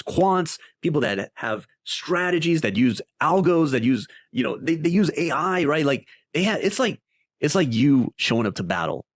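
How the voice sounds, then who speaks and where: A man's voice: mid-range voice, dry recording, clean studio sound. A man hosting a casual crypto investing walkthrough, talking through his screen in a chatty way and often tagging sentences with "right?". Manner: animated and conversational, with many tag questions. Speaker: crypto investing video host. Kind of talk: casual screen-share explainer.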